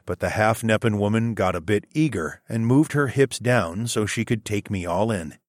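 Low-voiced male audiobook narrator. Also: normal speed, no echo, clean studio sound. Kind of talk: first-person audiobook narration.

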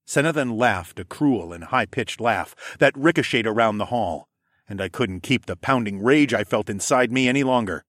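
A man's voice: lowish voice, normal speed, no room sound, studio quality. A man narrating a fantasy story expressively. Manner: expressive, with voiced dialogue.

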